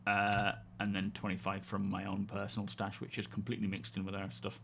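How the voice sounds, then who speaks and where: A man's voice: on the low side, monotone, a little fast, creaky, fairly bright tone, a little hiss or hum. A man hosting a casual gaming livestream, greeting viewers and thinking aloud as he plays. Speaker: livestream host.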